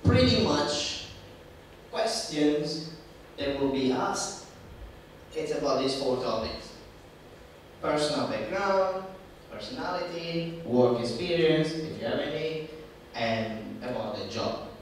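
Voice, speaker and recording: A man speaking to students at a university session, giving animated, emphatic advice on job interviews and acting out what an employer thinks. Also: medium pitch, slow pace, pauses often, a little hiss or hum. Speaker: career workshop speaker. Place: large university room. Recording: echoey room heard from far off.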